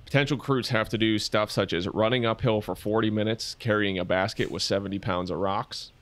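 A man's voice: lowish voice, steady tone, fairly quick, fairly bright tone. A man co-hosting a casual podcast, going through his research notes with frequent fillers and joking asides. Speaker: podcast co-host presenting research.

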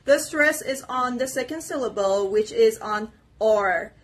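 A woman teaching vocabulary, saying each word slowly and repeating it to model the pronunciation. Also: a little high. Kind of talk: slow, deliberate pronunciation lesson. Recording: audible background noise.

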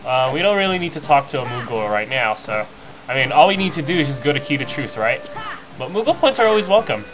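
A man's voice: mid-range voice, sing-song, quick pace, rough recording. A young man casually commenting on his gameplay as a let's play host, rambling and easygoing. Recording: game music behind the voice. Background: video game music.

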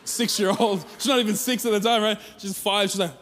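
A man preaching at church, telling a funny family story in an animated, self-mocking way. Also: sits high, moderate pace, few pauses, slight background noise. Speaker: guest speaker. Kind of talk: storytelling sermon. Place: church auditorium. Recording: long reverb of a church hall.

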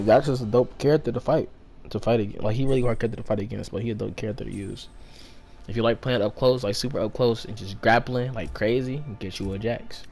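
A man giving excited play-by-play commentary as he plays a fighting game, groaning and exclaiming at every hit. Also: lowish voice, vocal fry, slight background noise. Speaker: gaming channel host. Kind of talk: live gameplay commentary.

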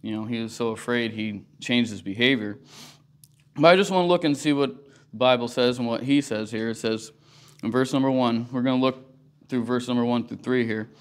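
A man's voice: mid-range voice, a little fast. A man teaching a Sunday school class in a church, talking through scripture in an earnest, conversational way. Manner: earnest, conversational, often says "you know". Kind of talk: casual Bible teaching.

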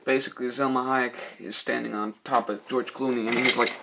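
A man's voice: mid-range voice, little pitch movement, a little fast, gravelly, background noise. A young man rambling casually through a film review, swearing often and losing his train of thought. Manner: acts out movie quotes in loud, shouty voices. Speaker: movie reviewer.

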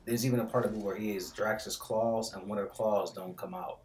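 The voice is a man's, a little low-pitched, talking through a film in a loose, slangy vlog style. He rambles and keeps dropping joking asides as he goes. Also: fairly even intonation, brisk, darkish tone. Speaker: movie reviewer, show host. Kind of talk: casual movie review vlog.

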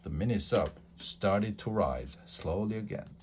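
A man reading a children's storybook aloud in a slow, deliberate way, with small slips. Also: lowish voice, expressive, darkish tone, a little hiss or hum. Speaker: storybook reader.

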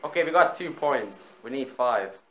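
A man in casual gaming banter, excitable, swearing often and repeating himself while he plays. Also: medium pitch, moderate pace, echoey room. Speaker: gamer.

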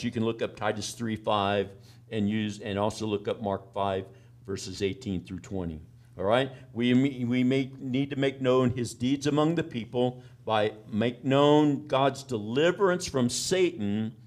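A folksy country preacher, a man of middle pitch who talks in a plain, down-home way. He keeps asking his congregation "amen?" and "all right?" between his points. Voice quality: plain country-boy way of talking. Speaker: pastor. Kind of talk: sermon.

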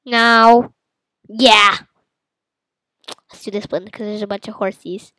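A woman giving silly, playful commentary while playing a game, with sudden loud outbursts. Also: mid-range voice, steady tone, slow pace, no room sound, poor audio. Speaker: gamer. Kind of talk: casual let's-play commentary.

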